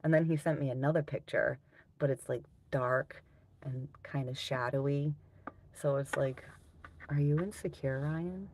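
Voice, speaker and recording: Gravelly-voiced woman chatting on a live stream. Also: very deep voice, little pitch movement, moderate pace, darkish tone, slight background noise. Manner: chatty, laughs often, swears casually. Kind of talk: casual live-stream chat with viewers.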